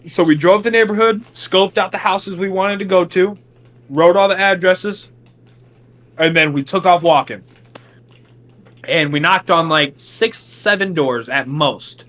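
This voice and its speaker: A young man on a casual podcast, telling a long story and acting out the quotes with big jumps in his voice. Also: measured pace. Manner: animated, acts out quotes with big pitch jumps. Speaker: podcast co-host.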